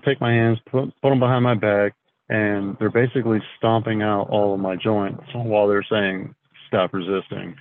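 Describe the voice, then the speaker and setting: A man telling his story as a podcast guest, in a halting, casual way, often clearing his throat and filling gaps with fillers. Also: fairly low pitch. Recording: thin phone-like sound, dry.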